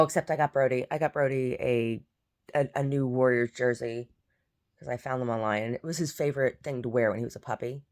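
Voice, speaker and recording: A woman vlogger chatting casually and meandering, repeating words and muttering asides to herself. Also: a bass voice. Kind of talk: casual rambling chat.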